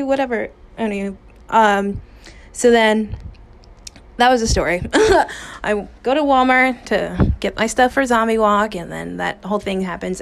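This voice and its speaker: A woman's voice: mid-range voice, creaky. A woman hosting a podcast, telling a personal story in a candid, raw way with casual swearing and many fillers, recorded on a phone in a small booth. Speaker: podcast host.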